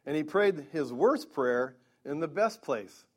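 A man's voice: a little high, lively intonation, measured pace. A man preaching a Bible-teaching sermon, earnest, with stammering restarts and emphatic peaks.

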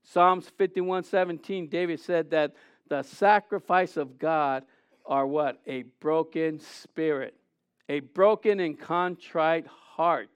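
A man's voice: fairly high pitch, takes it slowly, clean tone, no room sound. A man preaching a sermon, reading scripture aloud, acting out scenes and asking his listeners questions. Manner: animated, acts out scenes, asks the audience questions.

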